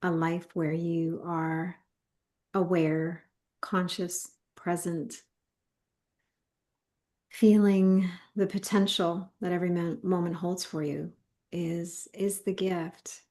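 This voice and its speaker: Woman, unhurried, slightly low voice, calm spiritual teacher. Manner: slow, calm, measured. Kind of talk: spiritual talk.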